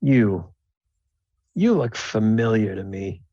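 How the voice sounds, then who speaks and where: A man's voice: fairly low pitch, lively intonation, slow, dark tone, dry recording, highs cut off. A man voicing a boisterous male gnome jester who talks in hearty, jokey stage patter. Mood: wary.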